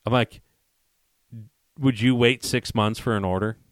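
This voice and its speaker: A man co-hosting a casual chat, telling a story with quick laughs and acting out both sides of a phone call. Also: medium pitch. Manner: animated storyteller who acts out both sides of phone calls, laughing as he goes. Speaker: podcast co-host.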